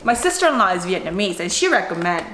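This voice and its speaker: A woman mukbang vlogger and mother chatting casually to camera, rambling with quick asides. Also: lowish voice, sing-song, fairly bright tone, reverberant, a little hiss or hum. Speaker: mother of a young child.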